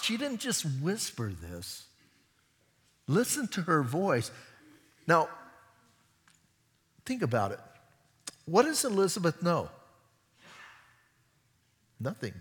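A male pastor preaches a sermon in a church, his voice sitting a bit high for a man. He keeps it chatty and animated and slips into voices for the people he talks about. The sound rings with a long hall echo. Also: breathy edge. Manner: lively, conversational preaching that acts out voices. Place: church sanctuary.

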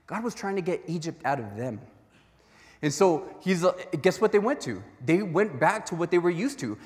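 A man preaching a sermon as a pastor, telling Bible stories in an animated way and acting out their voices. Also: sits high, big-room sound. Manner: animated storytelling with acted-out voices.

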